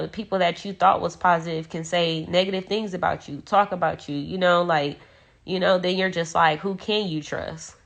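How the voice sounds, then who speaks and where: Young woman, low gravelly voice, emotional rambling phone livestream from a dark room at home. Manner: emotional, rambling with many fillers. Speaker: livestreamer speaking about her sister. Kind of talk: casual livestream talk.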